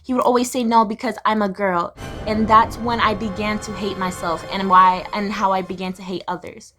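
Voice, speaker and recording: A woman's voice: medium pitch, normal speed. Young woman, confessional vlogger, raw and blunt, medium voice, music bed behind. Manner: emotional, blunt, swearing, swings between raw and flat. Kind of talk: personal confessional storytelling.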